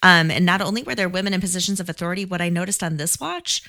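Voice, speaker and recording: A woman's voice: lowish voice, racing, bright, forceful tone. A woman guest on a movie podcast, talking things through thoughtfully and laughing often. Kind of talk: casual movie podcast chat.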